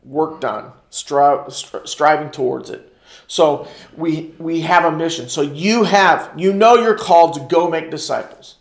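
An American man teaches a church ministry class in sermon style, his voice gravelly and somewhat high. He drives each point home by repeating it and asks the room to answer back. The sound is roomy, with echo from the church space. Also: measured pace. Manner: call-and-response, repeats key phrases for emphasis.

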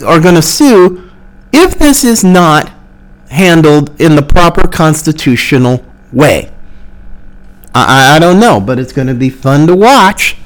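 A political commentary host talking solo, emphatic and exasperated, repeating words for stress. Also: medium pitch.

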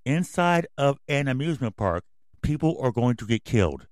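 A man's voice: mid-range voice, big pitch swings, normal speed, no echo, clean studio sound. Angry, swearing male podcast host. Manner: angry, yelling, swearing constantly. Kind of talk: profane ranting commentary.

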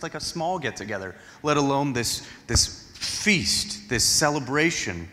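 A man's voice: medium pitch, bright, forceful tone, big-room sound. A man voicing a resentful, self-righteous young elder brother, complaining indignantly with a raised voice.

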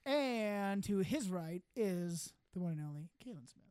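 A man's voice: high voice, expressive, a little slow, a little mellow, clean tone, dry recording. A man with an Ohio accent hosting a comedy podcast, joking and laughing between lines. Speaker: podcast host. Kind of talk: casual comedy chat.

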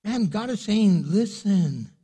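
A man preaching as pastor in a casual, animated way, acting out the people he quotes. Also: sits high, measured pace, husky, in a large hall. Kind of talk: sermon. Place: church sanctuary.

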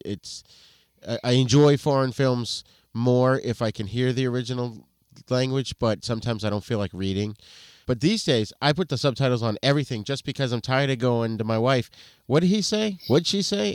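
A man hosting a relaxed film chat, drifting into friendly asides as he talks. His voice sits mid-pitched and is recorded dry and close, with no room around it. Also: clear, resonant tone, no room sound. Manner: easygoing, chatty asides. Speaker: podcast host. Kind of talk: casual movie review chat.

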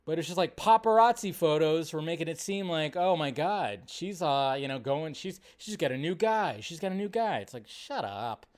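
A male host of a casual live stream, talking in a somewhat high voice. He rants loosely about whatever comes up, swears freely and slips into exaggerated mocking voices. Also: expressive, normal speed, hardly any pauses. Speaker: show host.

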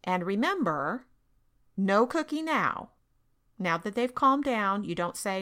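A woman hosting a parenting podcast, giving calm, firm instructions in a monologue and often checking in with "okay?". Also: mid-range voice, takes it slowly.

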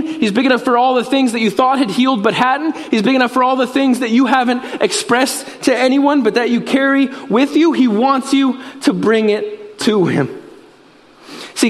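A man preaching a sermon as a pastor, earnest and repetitive, with emphatic pauses. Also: extremely high pitch. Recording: reverberant hall.

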